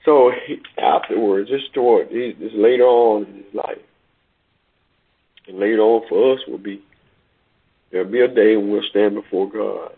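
Husky-voiced man preaching, tinny sound. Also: lowish voice. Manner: slow emphatic preaching, repeats words, stretches key phrases. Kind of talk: sermon with scripture reading. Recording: tinny phone-like recording.

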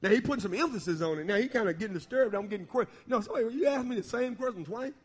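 A man preaching a sermon in a church, bantering with the congregation and building to loud preaching. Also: sits high, lively intonation, rapid-fire, husky. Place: church sanctuary. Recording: long reverb of a church hall.

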